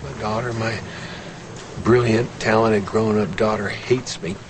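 An actor playing a middle-aged married man who pleads softly and slips into hushed confession. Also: fairly low pitch, steady tone, measured pace, background noise, lightly acted. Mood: anguished. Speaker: married dentist confessing to his lover. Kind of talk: film drama acting.

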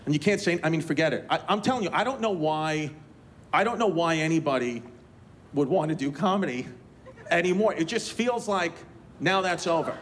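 A man's voice: on the high side, expressive, brisk, a bit bright, slight background noise. A man closing a stand-up set in a crude, rambling, profane way. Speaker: stand-up comedian. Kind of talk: stand-up set and backstage banter.

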